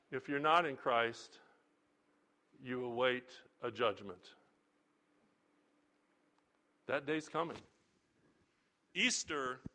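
A man's voice: a little high, bright, forceful tone. A middle-aged man preaching an Easter sermon, folksy and storytelling, rising to emphatic appeals. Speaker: pastor.

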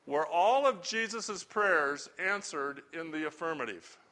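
A man's voice: fairly high pitch, lively intonation, measured pace, sharp tone. A middle-aged man preaching a sermon as a pastor, earnest and conversational, asking the congregation rhetorical questions.

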